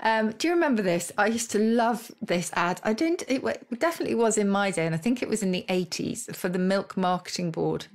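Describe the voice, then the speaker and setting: A woman's voice: mid-range voice, animated, a little fast, hardly any pauses. Woman explaining word origins. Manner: warm, explanatory, laughs easily. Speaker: podcast co-host, word expert. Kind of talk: casual chat about words.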